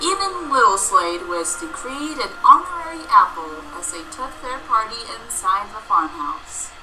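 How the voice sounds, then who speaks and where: Expressive woman reading a story. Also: on the high side, normal speed, music in the background, rough recording. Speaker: narrator. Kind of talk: fan fiction reading.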